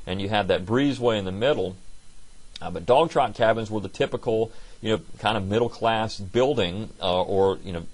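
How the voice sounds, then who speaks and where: A man giving a recorded college history lecture in a conversational way, with frequent fillers and restarts. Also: lowish voice. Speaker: history instructor.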